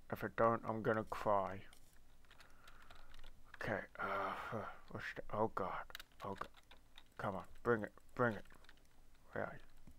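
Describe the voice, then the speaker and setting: Slow-talking young man muttering through a game. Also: fairly low pitch, flat delivery, vocal fry, pushed and bright, a little hiss or hum. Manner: muttering to himself, swearing, panicky outbursts. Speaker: gamer. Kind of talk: let's play commentary.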